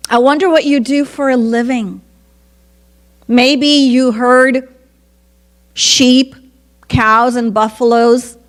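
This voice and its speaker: A woman's voice: fairly high pitch, steady tone, takes it slowly, long pauses. A woman voicing a simple shepherd man as he prays tenderly and pleads. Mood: tender pleading. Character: humble simple old shepherd man praying.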